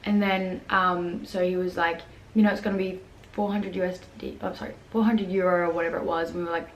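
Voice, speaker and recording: A woman's voice: lowish voice, little pitch movement, brisk. Chatty young woman, roomy sound. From Australia. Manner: chatty, lots of "like" fillers, acts out quotes. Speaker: vlogger. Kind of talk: casual storytelling vlog. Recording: echoey room with faint background noise.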